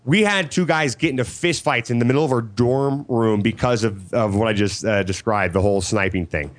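Fast-talking man telling rambling stories. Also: mid-range voice. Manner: rapid, rambling storyteller. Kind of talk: casual chat.

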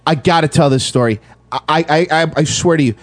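A man's voice: on the high side, brisk, no echo. A man co-hosting a casual podcast, telling a story with lots of swearing and acting out the people he quotes. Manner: profane, animated storyteller, acts out quotes. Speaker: podcast co-host.

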